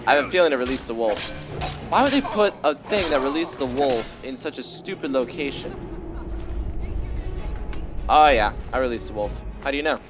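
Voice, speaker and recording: A man's voice: mid-range voice, lively intonation, moderate pace, pauses often. A man giving casual, jokey commentary while playing a game, slipping into silly voices. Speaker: gameplay commentator. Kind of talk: casual let's-play commentary. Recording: game music playing behind.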